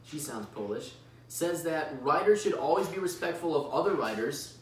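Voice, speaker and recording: A man's voice: on the high side, expressive, moderate pace, recorded from a distance. Man, casual podcast co-host, wry sarcastic asides, roomy echo, set back from the mic, faint hiss. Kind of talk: casual chat.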